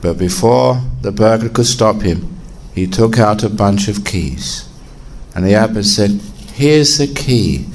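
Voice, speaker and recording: A man, a Buddhist monk, telling a story in a dharma talk with lively rises for emphasis. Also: measured pace, slight background noise. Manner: animated storyteller, jumping to high pitch for emphasis.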